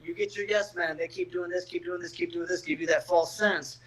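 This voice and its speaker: Man, middle-aged, slightly higher pitch, blunt, swears a lot, stammering restarts, casual podcast talk. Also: fairly even intonation, brisk, a bit bright, low-quality recording. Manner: blunt, profane, repeats words when starting sentences. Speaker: guest, MMA fighter.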